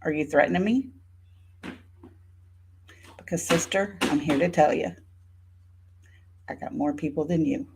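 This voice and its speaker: Low and creaky, this woman's voice moves at a measured pace with long pauses over background noise. She's a YouTuber in her fifties delivering a sarcastic, indignant rebuttal to viewers while addressing a rival by name.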